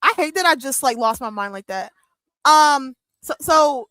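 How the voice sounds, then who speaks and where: A young woman with a high voice reacting live as she hosts a watch-along stream. She talks excitably, squeals and breaks into laughter. The sound is dry and close, with no room around it. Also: normal speed, no echo. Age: young adult. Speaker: livestream watch-along host.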